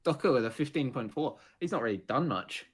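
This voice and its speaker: A man's voice: medium pitch, animated, brisk, slightly rough. A man co-hosting a casual live football chat, laid-back and joking, often trailing off mid-sentence. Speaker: podcast co-host.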